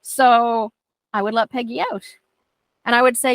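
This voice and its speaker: A woman's voice: a little high, fairly even intonation, measured pace, dry recording. A woman dog trainer teaching a class in a chatty way, often acting out how she talks to her dogs. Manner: chatty, acts out talking to dogs.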